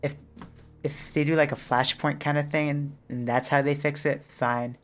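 A man's voice: a little high, little pitch movement, normal speed, a little hiss or hum. Easygoing man chatting casually. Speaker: podcast co-host. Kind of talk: casual chat.

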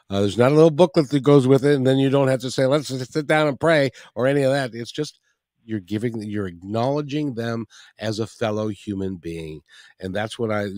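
A man's voice: sits low, darkish tone, dry recording, studio quality. A man hosting an interview who speaks earnestly and encouragingly, often repeating words as he thinks. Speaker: interview host. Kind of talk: interview talk.

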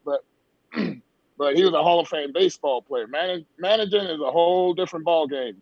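Former ballplayer telling stories, higher voice. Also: male voice, a little fast, breathy edge, dry recording. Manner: storytelling, emphatic. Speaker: former pro baseball player. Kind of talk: casual sports talk. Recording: dull lo-fi dry sound.

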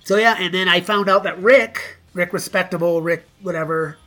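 A middle-aged man with a fairly high, bright voice spins loose stories as a podcast guest. He swears freely and laughs between lines. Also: moderate pace. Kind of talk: casual storytelling.

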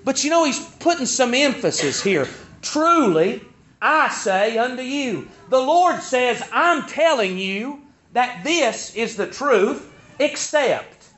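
A man preaching a sermon in a high, ringing voice. He leans on key words and repeats them for stress. The recording is muffled and lo-fi. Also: big pitch swings, slow pace, fairly bright tone.

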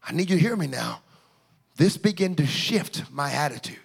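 A male pastor preaching a sermon, shouting in sing-song bursts and then dropping to quiet asides. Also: fairly high pitch, lively intonation, moderate pace, vocal fry, slightly rough.

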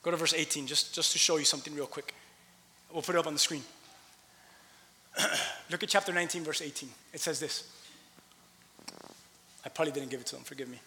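Impassioned male pastor, high bright voice, long church reverb. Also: steady tone, a little fast, long pauses, a little hiss or hum. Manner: impassioned, swings from loud preaching to hushed asides. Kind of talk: sermon.

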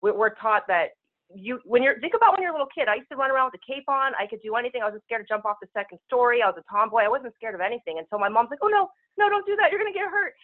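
A woman speaking as a spiritual healer guest, talking very fast in casual, rushing speech over a telephone call-in. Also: on the high side, animated. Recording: tinny phone line.

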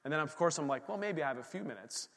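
A man's voice: on the high side, lively intonation, fast talker, a bit bright, long reverb tail. A middle-aged man, a pastor, preaching a sermon and telling a story, acting out his own reactions.

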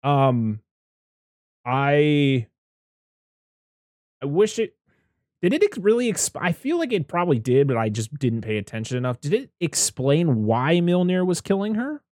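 A man's voice: on the high side, big pitch swings, a little slow, long pauses, darkish tone, no echo, studio quality. A man in casual conversation about a movie, rambling, with many restarts and acted-out quotes.

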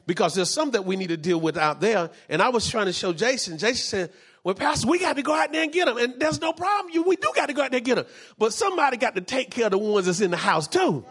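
A man's voice: high voice, sing-song, fast, hardly any pauses, a bit bright, breathy edge. A man preaching a sermon as pastor, fervent and repetitive, dropping in frequent amens.

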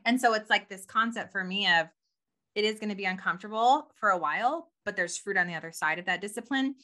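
A woman co-hosting a casual podcast chat, animated and laughing often, with many "like" fillers. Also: mid-range voice, fast. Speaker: podcast co-host.

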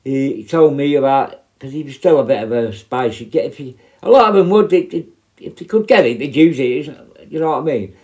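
A man's voice: medium pitch, animated, a little fast, a little mellow. A middle-aged man, telling prison stories in a blunt, sweary, rambling way. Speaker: former prison officer. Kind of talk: casual storytelling.

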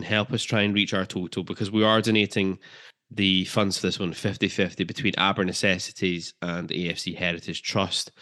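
A man's voice: lowish voice, pushed and bright. Chatty man hosting a podcast. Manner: chatty, jokey, with filler ums. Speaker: podcast co-host. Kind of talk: casual football podcast chat.

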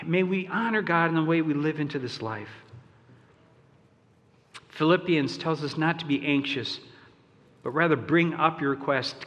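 A man's voice: a little high, fairly bright tone. A male pastor preaching a sermon, talking in a loose, conversational way with fillers and asides, and leading his congregation in song. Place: church sanctuary. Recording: long church reverb.

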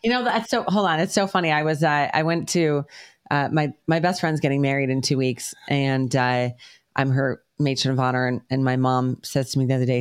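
A woman's voice: extremely low pitch, fairly even intonation, fairly quick, clean tone. A woman co-hosting a podcast, telling stories in a blunt, profane casual chat. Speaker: podcast co-host.

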